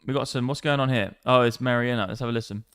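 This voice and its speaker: A man's voice: medium pitch, steady tone, fast talker, a bit bright, clean tone, no echo. Man, live crypto trading stream, hyped casual banter, resonant voice, dry sound. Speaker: livestream crypto trader.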